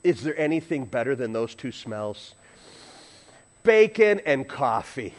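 A man's voice: mid-range voice, very animated, measured pace. A man preaching a sermon as pastor, conversational, asking the congregation questions and adding humorous asides.

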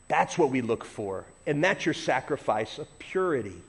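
A middle-aged man preaching a sermon as a pastor, telling a personal story, swinging from loud emphasis to quiet asides. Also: mid-range voice, very animated, moderate pace, husky.

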